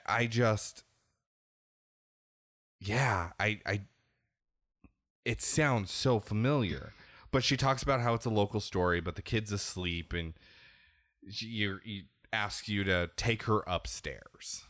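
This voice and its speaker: A man's voice: lowish voice, slow pace, long pauses, a bit bright, dry recording, clean studio sound. A man hosting a podcast, candidly rambling through a casual game discussion and often restarting his sentences. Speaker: podcast host.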